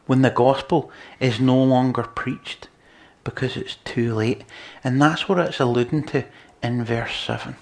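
A man preaching a sermon, earnest, moving between loud emphasis and quiet, near-whispered lines. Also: medium pitch, steady tone, a little slow, gravelly.

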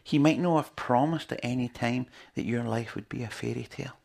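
A man's voice: mid-range voice, a little fast, creaky, darkish tone. A man preaching a sermon in an earnest, conversational way, with lots of rhetorical questions to his listeners.

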